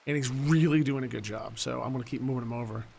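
Gravelly-voiced man, forties, let's-play commentator, blunt and profane, faint hiss behind. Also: medium pitch, fast talker, a little mellow. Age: 40s. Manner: blunt, swears freely, rambling asides. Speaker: gaming YouTuber.

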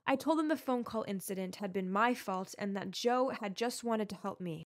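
A woman giving scripted first-person narration of an animated story in a confiding tone. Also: medium pitch, normal speed.

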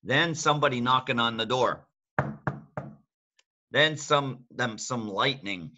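A man's voice: mid-range voice, slow pace, muffled recording, noisy background. An older man, a grandfather, reading a bedtime story aloud to his grandchildren and playfully coaxing them to copy the sound effects.

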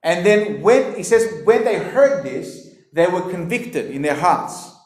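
A man delivers a sermon in an animated, emphatic way, addressing his listeners directly. His voice sits high for a man. The room adds a strong echo. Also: measured pace. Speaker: pastor. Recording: echoey room.

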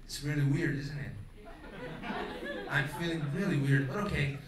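A Brazilian man with a Brazilian Portuguese accent hosts a stand-up night in English, loud and cheeky, peppering his talk with swearing and audience questions. His somewhat high voice comes from a distance in a reverberant theater. A live crowd laughs and murmurs around him. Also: fairly even intonation, normal speed. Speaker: stand-up comedian and emcee. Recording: echoey theater, mic at a distance, audience audible.

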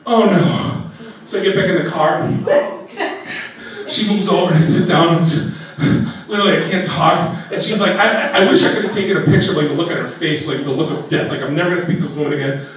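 A middle-aged man telling a comic personal story on stage, animated and acting out voices. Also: fairly high pitch, brisk. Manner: animated, acts out voices, laughing through the telling. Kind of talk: stand-up storytelling. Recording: echoey room, distant mic.

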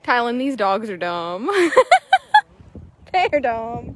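A woman, chatting excitably to viewers while showing a horse for sale in an arena. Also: a little high, very slow, a little hiss or hum. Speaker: horse seller. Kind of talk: casual sales chat while riding.

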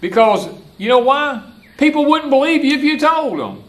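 A man's voice: extremely high pitch, moderate pace. An older Southern man, a homesteader and former preacher, gives a folksy porch-side sermon and repeats his points. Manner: folksy, repetitive, animated. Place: outdoor porch.

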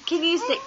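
A woman's voice: extremely high pitch, noisy background. Woman in sing-song baby talk. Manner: sing-song coaxing, laughs often. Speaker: parent filming her baby. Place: home, indoors. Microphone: handheld camera. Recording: dull lo-fi home camcorder audio.

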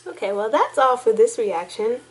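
A young woman rambles through her thoughts in an excitable, emotional way, her voice sitting a little high. She is talking to a home camera mic in a room at home. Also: moderate pace. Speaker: YouTube reaction vlogger. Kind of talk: casual reaction chat.

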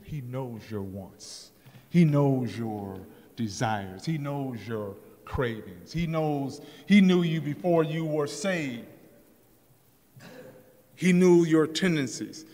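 A man teaching a Sunday School lesson in a church, reading scripture slowly and with emphasis. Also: mid-range voice, darkish tone. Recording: echoey church hall reverb.

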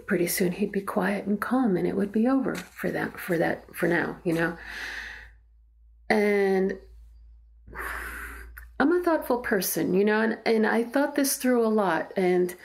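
A woman's voice: medium pitch, vocal fry, darkish tone. A middle-aged woman, a mother, speaking earnestly and reflectively in a documentary interview at home. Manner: earnest, halting, reflective storytelling. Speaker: mother telling her story. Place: in her own home.

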